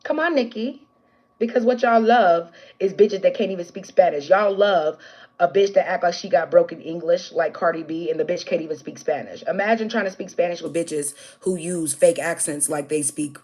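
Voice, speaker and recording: An American woman on a livestream, talking straight at her viewers in a blunt, confrontational rant. Her voice sits somewhat low for a woman, and she keeps punching lines with a sharp "okay?" as she swears her way through. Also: normal speed. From United States. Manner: addresses viewers directly, repeating "okay?". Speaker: livestream host. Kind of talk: livestream rant answering chat.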